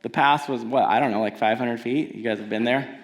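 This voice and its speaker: A man's voice: mid-range voice, steady tone, fairly quick. A man from Washington telling stories on a theater stage in a conversational, playful way that builds to emphatic points. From Washington, USA. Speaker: singer-songwriter telling stories between songs. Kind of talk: live stage storytelling. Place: theater stage before an audience.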